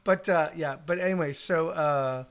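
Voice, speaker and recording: A musician with a Texan accent chats on a live stream at a moderate pace, his voice on the high side with a fairly bright tone. His talk meanders, with lots of cursing, restarts, and fillers.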